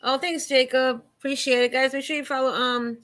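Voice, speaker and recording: Woman host for a livestream panel, bright and high, chatty and rambling with lots of ums. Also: level tone, brisk. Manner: rambling, heavy with um and restarts. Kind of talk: casual livestream panel chat.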